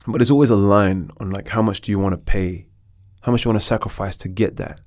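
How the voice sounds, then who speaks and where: A middle-aged man, an actor, telling a story in a podcast interview with animated restarts. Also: lowish voice, quick pace, no echo, studio quality. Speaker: actor guest.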